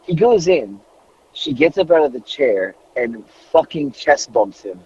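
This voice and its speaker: Husky, animated man telling a story. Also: fairly high pitch, unhurried. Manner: animated, swears freely, laughs through the story. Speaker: podcast co-host. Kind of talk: casual storytelling. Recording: dry, slightly dull recording.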